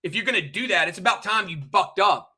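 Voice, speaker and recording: High, sharp-voiced man ranting. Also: lively intonation, a little fast, breathy edge. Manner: heated, profane, repetitive, addresses chat directly. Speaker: livestream host. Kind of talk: angry ranting livestream monologue.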